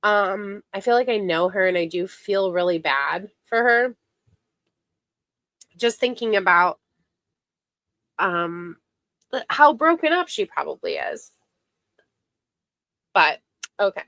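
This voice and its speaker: A woman's voice: medium pitch, expressive, slow, pauses often, a bit bright, dry recording. A woman streamer giving casual, indignant commentary on online drama, sarcastic and given to mocking imitations.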